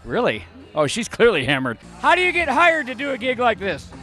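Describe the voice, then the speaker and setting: A man's voice: very high-pitched, huge pitch swings, brisk, sharp tone, faint music behind. A man hosting a show outdoors at a motorcycle rally, teasing guests with jokes. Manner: wisecracking, teasing. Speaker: host. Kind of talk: joking casual interviews.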